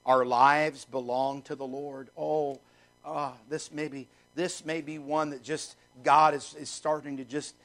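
A man preaching a sermon with a high voice roughened by gravel. He drives points home by repeating phrases, pushing his voice up loud and then dropping it low. His delivery is emphatic throughout. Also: level tone, measured pace, rough recording. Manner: emphatic preaching with wide swings in pitch and loudness. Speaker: pastor.

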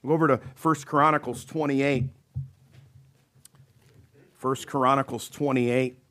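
A man's voice: medium pitch, slow pace. Conversational male preacher. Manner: conversational preaching, many "okay?" asides; acts out panicked and calm voices in quotes. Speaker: pastor. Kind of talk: sermon.

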